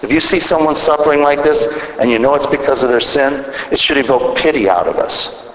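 A man preaching a sermon as pastor, earnest and measured, pausing and restarting as he works through scripture. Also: mid-range voice, a bit bright, a little hiss or hum. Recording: echoey hall from a distance.

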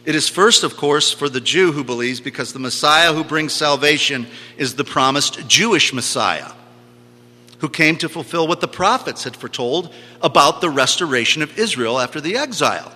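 A man's voice: fairly high pitch, animated, moderate pace, sharp tone. A man preaching a sermon, teaching emphatically and repeating key phrases for stress. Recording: long hall reverb.

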